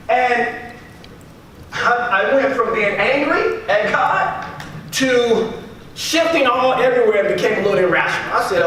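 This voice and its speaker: A man's voice: very high voice, expressive, a little slow, sharp tone. A man giving a motivational speech to a live audience, emphatic and repeating key phrases for effect. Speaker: motivational speaker. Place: large echoey room with audience. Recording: very echoey, from far off, faint noise.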